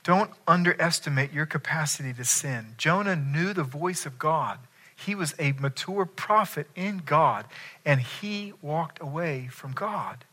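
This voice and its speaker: A man's voice: on the high side, animated, a little slow, pushed and bright. A man preaching a sermon, emphatic and asking his listeners questions. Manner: emphatic, asks the congregation questions. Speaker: pastor.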